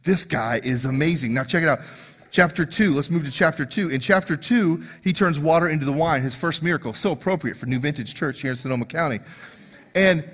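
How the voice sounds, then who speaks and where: A man preaching a sermon as lead pastor, animated and conversational, acting out scenes in quiet asides. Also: on the high side, a little fast.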